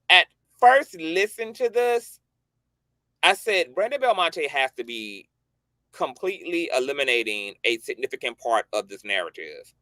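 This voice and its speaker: A man's voice: on the high side, no room sound. A man hosting a commentary channel, reacting to a clip in an emphatic, rhetorical way and swearing freely. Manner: lively, rising and falling emphasis.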